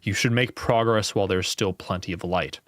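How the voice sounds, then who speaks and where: The gamebook player and channel host here has a low, fairly bright voice and moves briskly, captured in a dry recording. The young man reads aloud and plays along with wry, casual comments, an occasional swear, and laughter at his own errors.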